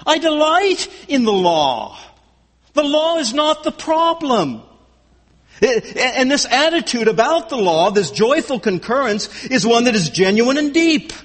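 Man, preacher, emphatic, repeats key phrases, unhurried, echoing hall. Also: very high voice, big pitch swings, a bit bright. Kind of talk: expository sermon.

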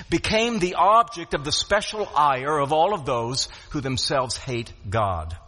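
High bright preaching man in a reverberant hall. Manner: earnest preaching with frequent restarts and repeated words. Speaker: pastor. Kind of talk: sermon.

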